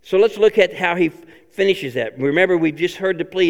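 Male pastor preaching, higher-pitched, smooth resonant tone, earnest repetition, echoing sanctuary. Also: a little fast. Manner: earnest, repetitive preaching with sudden loud and soft swings. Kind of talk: sermon.

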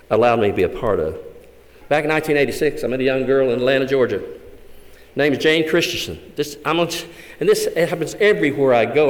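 Fervent man preaching a testimony. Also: mid-range voice. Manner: fervent storyteller, swings between loud and hushed. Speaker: visiting Gideon speaker. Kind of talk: testimony sermon. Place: church. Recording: echoey hall.

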